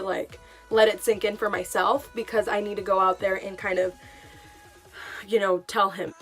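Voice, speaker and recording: A young woman tells a personal story to her vlog audience in a loose, chatty way. She is emotional and full of fillers. Soft music plays faintly underneath. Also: medium pitch. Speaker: vlogger. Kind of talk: casual storytime.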